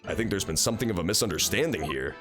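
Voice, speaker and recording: Mild, apologetic young lawyer, voiced by a man, hesitant and low-key. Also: expressive, rapid-fire, fairly bright tone, soft background music. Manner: hesitant, polite.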